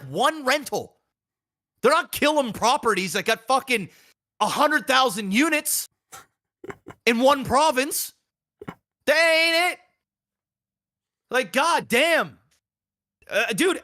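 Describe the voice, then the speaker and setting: A man's voice: extremely high pitch, bright, forceful tone. Heated, swearing man ranting. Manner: profane, heated, repetitive. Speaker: podcast co-host. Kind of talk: ranting casual chat.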